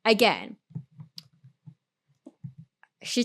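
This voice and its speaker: A woman's voice: medium pitch, animated, moderate pace, a bit bright. A young adult woman streamer telling a story in casual chat, rambling with lots of "like" and restarts.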